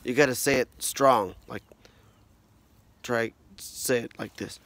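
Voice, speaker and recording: A man's voice: medium pitch, slow, noisy background. A father patiently coaching and encouraging his young child in a casual home video, recorded outdoors in a yard.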